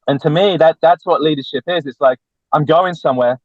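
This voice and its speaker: A man speaking as a relationship coach guest on a podcast, lecturing bluntly and forcefully, with lots of repetition. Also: on the high side, brisk, no echo. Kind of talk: podcast interview. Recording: tinny phone-like dry line.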